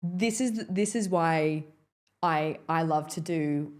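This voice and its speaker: This is a young woman, chatting as a podcast host. Her voice sits a little on the low side. She talks in a sincere, wandering way, with plenty of fillers. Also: takes it slowly, a little mellow. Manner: earnest, rambling, heartfelt. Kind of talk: casual podcast chat.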